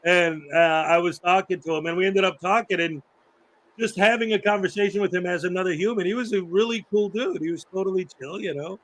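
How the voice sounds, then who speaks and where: A man with a fairly high voice hosts a loose, casual chat. He rambles through stories, laughs often and slips into acting out the people he talks about. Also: fairly even intonation, a little fast, fairly bright tone, rough recording. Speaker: host.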